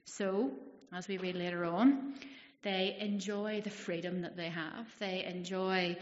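A woman's voice: fairly low pitch, fairly even intonation, takes it slowly, slight background noise. Woman preaching in an echoey hall. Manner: conversational, acts out the people's thoughts. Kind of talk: sermon. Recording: dull echoey hall, long reverb.

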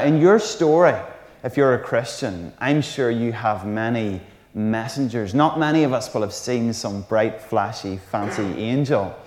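A man preaches with a lively, conversational manner and throws in jokey asides. His mid-pitched voice rings out with a long reverb tail, as if recorded in a big, roomy hall. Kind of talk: sermon.

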